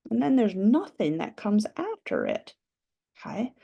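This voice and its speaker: Slow, gravelly-voiced woman teaching phonics. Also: medium pitch, huge pitch swings, dark tone, muffled recording. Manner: slow, patient, drawn-out sounding of letters and syllables. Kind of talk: phonics lesson for young children.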